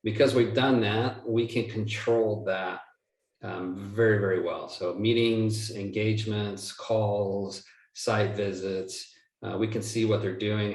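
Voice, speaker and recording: A man, a real estate investor guest, answering interview questions in a rambling, self-correcting, joking way. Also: fairly low pitch. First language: not from the United States. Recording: roomy, distant mic.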